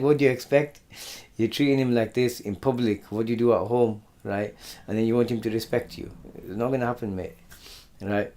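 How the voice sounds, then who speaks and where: A man giving a conversational religious lesson. He often repeats words and clears his throat. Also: fairly low pitch, a little mellow. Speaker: Islamic teacher. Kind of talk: religious lesson on Quran stories.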